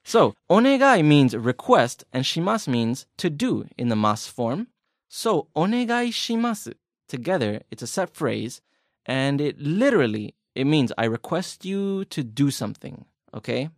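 An easygoing man hosts a language lesson with a chatty, encouraging manner, acting out small everyday scenes as he explains. His voice sits in a middling pitch, recorded close and dry. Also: very animated, moderate pace, no echo. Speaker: language teacher host.

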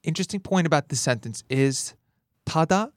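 A man hosting a language lesson podcast, explaining grammar in a lively way, laughing often and acting out dialogue lines. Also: a little high, moderate pace, no room sound, clean studio sound. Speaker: language teacher and host.

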